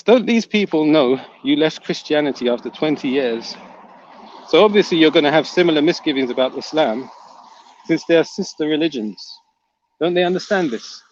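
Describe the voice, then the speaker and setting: This man's voice sits on the high side as he runs a laid-back livestream, reading viewers' messages out loud and ribbing them. The recording is dry, with the highs missing.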